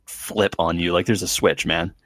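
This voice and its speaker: A man's voice: low-pitched, steady tone, normal speed, fairly bright tone, no echo, studio quality. A man co-hosting a podcast in casual chat, rambling with many fillers. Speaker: podcast co-host.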